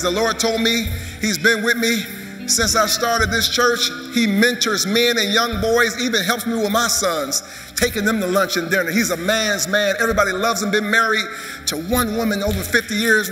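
Man, pastor, preaching, high voice, echoey hall, music behind. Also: steady tone, moderate pace, bright, forceful tone. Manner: preaching, urging the crowd to clap. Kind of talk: sermon. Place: large church sanctuary.

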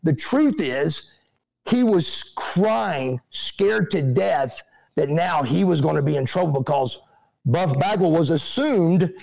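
A middle-aged man tells his stories as an interview guest, with a gravelly, slightly high voice. He is animated and acts out what others said in put-on voices. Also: slow pace. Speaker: interview guest, former pro wrestler. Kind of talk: casual storytelling.

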